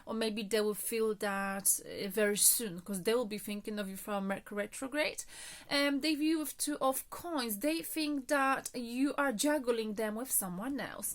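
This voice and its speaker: A woman's voice: a little high, fairly bright tone. A woman reading tarot cards in a casual, chatty monologue, a little out of breath, often checking in with "okay?" and filler words. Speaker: tarot reader.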